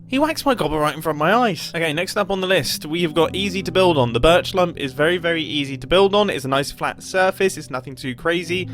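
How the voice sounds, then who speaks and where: A man's voice: fairly high pitch, fairly bright tone. Chatty man narrating gameplay. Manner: chatty, playful and rambling. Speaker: gaming video creator. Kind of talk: casual game commentary voice-over.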